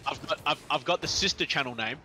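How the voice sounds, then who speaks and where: A man's voice: on the high side, fast, sharp tone, slight background noise. A young man chatting while gaming with friends, rambling and giggling, often restarting his sentences. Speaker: gamer friend. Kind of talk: casual gaming chat with friends.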